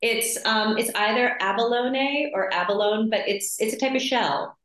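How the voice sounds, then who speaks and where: A woman actress chatting in a casual interview, telling animated stories and laughing easily. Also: fairly high pitch, moderate pace, reverberant, poor audio. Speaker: actress guest.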